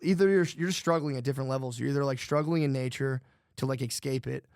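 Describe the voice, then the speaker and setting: Gravelly rambling man on a podcast. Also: mid-range voice, quick pace, darkish tone, no echo, clean studio sound. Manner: rambling, profane, restarts often. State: jittery from too much coffee. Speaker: podcast co-host. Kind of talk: casual podcast chat.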